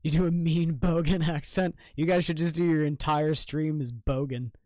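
A man's voice: a little high, fairly even intonation, normal speed, a little mellow, no room sound. A young man from Maine chatting casually on a live game stream. He reacts to chat with jokes and swears freely. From Maine, United States.

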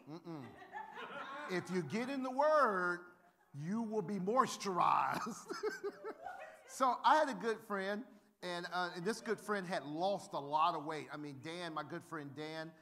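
A male pastor preaching a sermon, telling funny stories and acting out the voices of people in them. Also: a little high. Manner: animated, humorous, acts out quoted voices. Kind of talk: sermon with storytelling.

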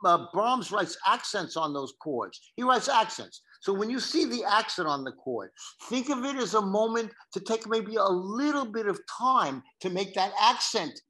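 A man's voice: high voice, very animated, moderate pace, few pauses, pushed and bright, poor audio. A man from New York coaching a piano student, singing phrases on "da" syllables to show emphasis. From New York, USA. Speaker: piano teacher. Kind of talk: masterclass coaching.

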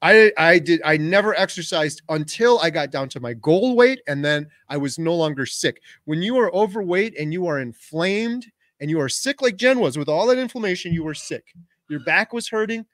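Man in his 40s, livestream host, lively storyteller, fairly high voice, dry close sound. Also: moderate pace, no echo. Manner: animated storytelling, talks over his wife. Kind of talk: casual livestream chat.

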